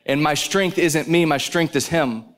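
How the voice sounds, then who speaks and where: A man's voice: on the high side, normal speed, a bit bright. A man preaching a sermon at a live conference, telling stories intensely and with animation.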